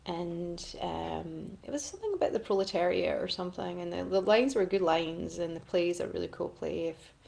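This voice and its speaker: Chatty woman with a low, gravelly voice. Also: normal speed, hardly any pauses, a little mellow. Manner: chatty, rambling, self-deprecating. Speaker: actress answering fan requests. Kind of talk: casual chat to camera.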